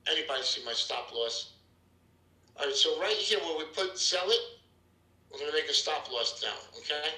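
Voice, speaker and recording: Energetic man, echoey room. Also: a little high, normal speed, pauses often. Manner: energetic, salesy, calls out to viewers. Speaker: trading room host. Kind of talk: live trading room chat.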